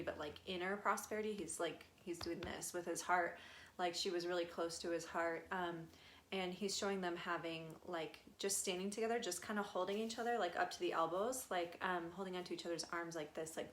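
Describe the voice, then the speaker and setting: A young woman medium talks through a live channeling session in a slightly low voice. Her speech is casual and rambling, dotted with fillers and small laughs as she passes along messages. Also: fairly bright tone, a little hiss or hum. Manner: relays messages in a chatty, giggly way with many fillers. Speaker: spirit medium.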